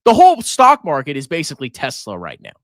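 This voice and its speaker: Male finance streamer, casual and brash, bright lively delivery, dry close mic. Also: a little high, quick pace, no echo. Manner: brash, mocking, laughs often. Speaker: finance livestream host. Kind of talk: casual market commentary.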